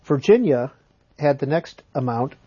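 A man's voice: mid-range voice, expressive, unhurried, dark tone, slightly rough. A man interviewing a guest with short, direct questions, heard on dull lo-fi audio.

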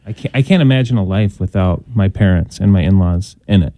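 Man, radio co-host, warm dark tone, dry studio sound, conversational questions. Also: sits low, fairly quick, no room sound. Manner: conversational, asks leading questions. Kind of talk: call-in radio talk.

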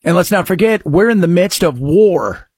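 Man, show host, sarcastic political commentary, high lively voice, husky. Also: moderate pace, no room sound, clean studio sound. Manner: sarcastic, mock-shouting outbursts.

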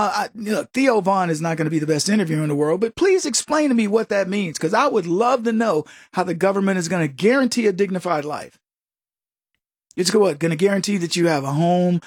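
A man's voice: sits high, husky, no echo, clean studio sound. An older man hosting a talk show, giving casual commentary in a mocking tone and laughing often.

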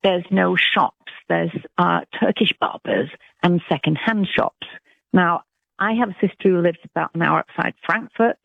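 A woman from Britain with a British accent, calling in to a talk radio show, speaking earnestly and haltingly with many restarts. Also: on the low side, gravelly, no echo. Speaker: caller. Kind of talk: call-in radio phone call. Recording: tinny phone line.

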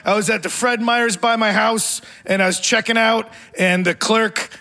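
High, bright-voiced man in his forties doing stand-up. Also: fairly even intonation, moderate pace. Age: 40s. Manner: rambling, self-mocking, laughs through lines. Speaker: stand-up comedian. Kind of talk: live stand-up set. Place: theater stage before a live audience.

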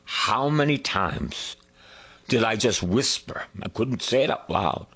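A man preaches in a slow, husky voice that rises and falls widely. He leans hard on key words, breaks into sung hymn lines and then sinks to a hushed whisper. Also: fairly low pitch, lively intonation. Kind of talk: sermon.

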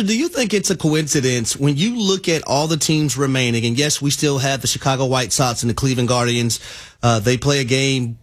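Male sports radio host, mid-pitched voice.

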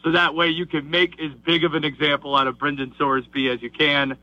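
Emphatic, bright-voiced man ranting on sports radio. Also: fairly high pitch, flat delivery, fairly quick, no echo, highs cut off. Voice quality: raspy in the morning. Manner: emphatic, ranting, repeats himself. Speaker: radio show guest. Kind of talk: sports talk radio opinion. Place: driving in a car.

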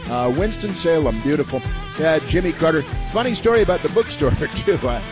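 A man's voice: fairly high pitch, expressive, fairly quick, music in the background. A man hosting a call-in radio talk show, talking to a caller in a rambling, chatty way with many fillers and restarts.

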